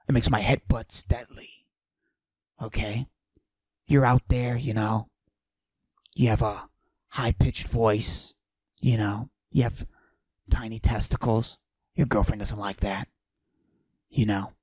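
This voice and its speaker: A man putting on a husky, forced-deep macho braggart. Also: dry recording. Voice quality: forced deep breathy whisper. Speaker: podcast host. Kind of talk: comedic monologue in character.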